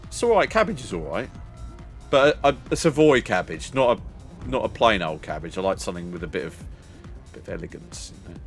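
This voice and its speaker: An older man chatting away to his viewers in a lowish voice, rambling from one thought to the next and laughing along the way. Faint music plays quietly behind him. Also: big pitch swings, brisk. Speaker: streamer. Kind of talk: casual chat with viewers.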